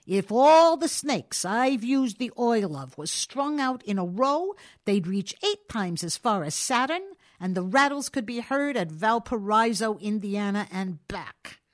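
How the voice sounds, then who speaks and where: A woman reading aloud puts on a laid-back male burglar in a storybook tale, friendly and slangy even with a gun in hand. He talks in a casual, conversational drawl, with a lively voice that rises and falls a great deal. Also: fairly high pitch, measured pace, hardly any pauses. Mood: folksy. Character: easygoing male burglar, chatty and folksy. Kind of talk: audiobook reading.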